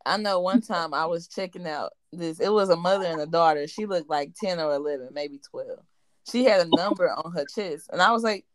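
A woman's voice: lowish voice, expressive, brisk, dry recording. A woman in casual chat, telling a customer story and laughing hard at it.

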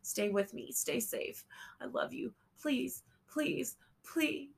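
A man's voice: high-pitched, very slow, voice pushed up. A woman narrator voicing a traumatized young man who pleads and repeats himself. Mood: desperate. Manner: pleading, repetitive.

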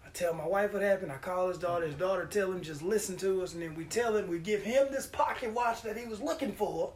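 A man hosting a podcast, telling a story in a casual, profane, animated way and acting out the quotes. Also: high voice, fast. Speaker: podcast host.

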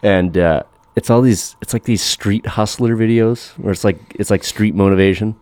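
On a dry recording, a male podcast co-host with a lowish, somewhat mellow voice chats casually at a moderate pace. He's sarcastic and swears a lot, mocking things he's seen online with put-on voices.

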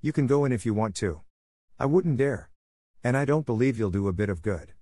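A man's voice: medium pitch, lively intonation, brisk, warm tone, no echo, clean studio sound, lightly acted. A man voicing a loyal, spirited young girl who speaks frankly, a little scornfully.

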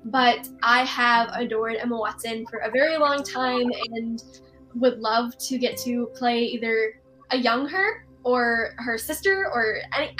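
A young woman with a high, bright-sounding voice talks eagerly about her acting dreams. She is bubbly and earnest, laughing easily between thoughts, and comes through a remote video call. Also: low-quality recording. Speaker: actress and voiceover artist, interview guest. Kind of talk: casual interview answers.

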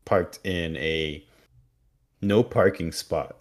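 Guy with a really low voice recapping a tv episode on a podcast, jokey, does little voices for the characters. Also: drawn-out words. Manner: joking, animated retelling with quoted voices. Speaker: podcast co-host. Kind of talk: casual recap chat.

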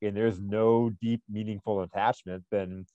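Earnest low-voiced male podcast co-host. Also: level tone, measured pace, no room sound, narrow, tinny audio. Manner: earnest, motivational storytelling. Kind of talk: casual podcast chat.

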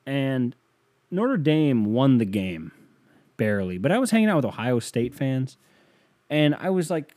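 A man's voice: medium pitch, sing-song, normal speed, a little mellow. A man hosting an audio podcast in a casual comedic monologue, swearing often and laughing at his own jokes. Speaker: podcast host.

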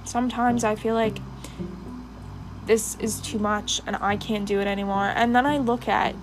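A woman's voice: mid-range voice, fairly even intonation, normal speed, faint music behind, rough recording. A young woman hosting a personal podcast, talking with passion and rambling with many fillers while doing her makeup. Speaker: podcast host.

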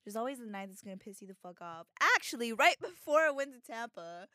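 A woman's voice: a little high, animated, quick pace, sharp tone, no room sound, studio quality. A young woman co-hosting a podcast, telling a work story in casual, profane chat and laughing often. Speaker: podcast co-host.

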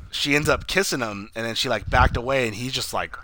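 A man's voice: mid-range voice, normal speed, pushed and bright. A man co-hosting a casual movie review podcast, animatedly retelling scenes, acting out quoted lines and swearing a lot. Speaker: podcast co-host.

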